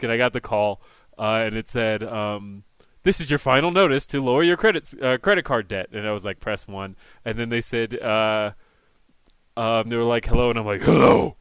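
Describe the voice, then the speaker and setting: A man hosting a wrestling talk podcast, telling stories in a wry, deadpan way in casual chat. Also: mid-range voice, smooth, dry recording. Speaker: podcast host.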